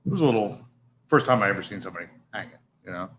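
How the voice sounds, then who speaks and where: A man's voice: on the low side, expressive, very fast, background noise. A man telling profane police stories in a casual podcast chat. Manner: profane, laughing storyteller.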